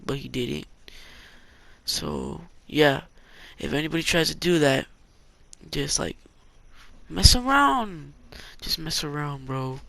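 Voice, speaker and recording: A man's voice: fairly high pitch, vocal fry, pushed and bright, no room sound. A young man from California telling a rambling story about an online threat, loose and full of fillers and slang. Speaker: gaming vlogger. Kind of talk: casual story-time vlog.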